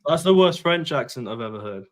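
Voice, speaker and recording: A man's voice: mid-range voice, lively intonation, fairly quick. Blunt teasing man on a fan panel. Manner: blunt, dry teasing remarks. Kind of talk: live fan show panel chat.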